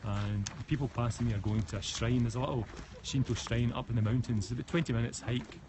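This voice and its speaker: This chatty West of Scotland host talks fast in a mid-range, fairly even voice while live-streaming from a mountain forest path. He carries his phone as he walks, answers comments with many restarts, and clear background noise runs through the recording.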